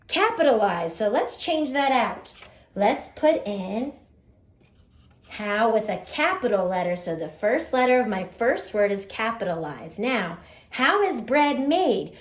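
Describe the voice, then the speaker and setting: A woman teacher giving a children's lesson, cheerful and encouraging, with slow sing-song rhymes to help children remember. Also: fairly high pitch, roomy sound.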